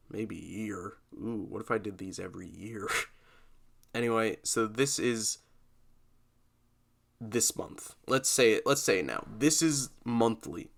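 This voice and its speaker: A man's voice: lowish voice, a bit bright. A man hosting his own podcast, rambling casually with self-deprecating jokes, his normal speaking voice sounding glum. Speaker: podcast host.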